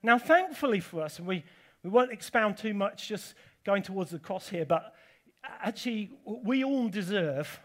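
A man from England delivers a sermon with a fairly high voice. He preaches emphatically, swinging between forceful declarations and casual, conversational asides to his listeners in a church hall. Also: expressive, normal speed.

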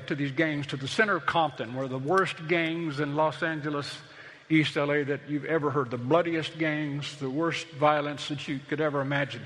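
A man's voice: a little high, a bit bright, long reverb tail, a little hiss or hum. A middle-aged man, a pastor, preaching a sermon in a conversational, storytelling way that builds to emphatic points.

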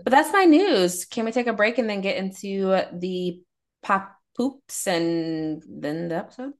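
A woman's voice: medium pitch, expressive, a little slow. A young woman from Virginia co-hosting a podcast, speaking casually with slang and tired-sounding asides. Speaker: podcast co-host. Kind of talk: casual chat.

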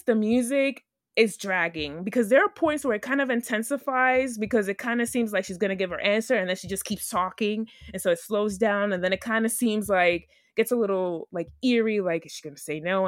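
A woman's voice: fairly high pitch, dry recording, clean studio sound. A woman co-hosting a podcast, chatting casually about a reality show and acting out what people said in exaggerated voices. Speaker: podcast co-host.

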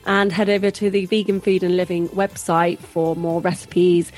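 A woman podcast host with a croaky, unwell voice, encouraging her guest and signing off the episode. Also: lowish voice, level tone, normal speed, a little mellow, faint music behind. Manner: friendly, encouraging interviewer. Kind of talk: casual interview chat.

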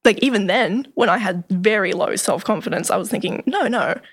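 A woman's voice: medium pitch, brisk, breathy edge. Chatty young woman. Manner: chatty, heavy use of "like", acts out quotes. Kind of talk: casual chat.

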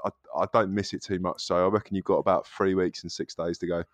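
A man's voice: sits low, flat delivery, fast talker, dry recording. A man on a football podcast panel, chatty and easygoing, laughing as he tells stories. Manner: chatty, laughing, stumbling restarts. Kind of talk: casual football podcast chat.

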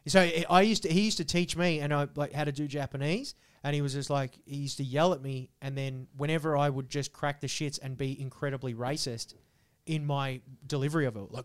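A young Australian man co-hosting a podcast, telling rambling, animated stories in casual chat. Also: on the high side, a little fast. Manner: rambling, animated storytelling with restarts. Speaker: podcast co-host.

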